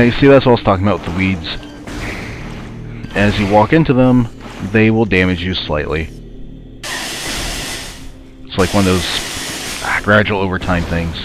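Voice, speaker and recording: A man with a stuffy, sinus-congested voice, casually commenting while playing a video game, rambling and grumbling at the game. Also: lowish voice. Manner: rambling, muttering asides to the game. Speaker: let's play commentator.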